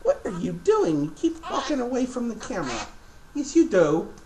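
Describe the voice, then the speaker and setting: A man's voice: extremely high pitch, huge pitch swings, moderate pace, warm tone, slight background noise. A man filming a casual home video, chatting to his pet birds in a sing-song baby-talk voice.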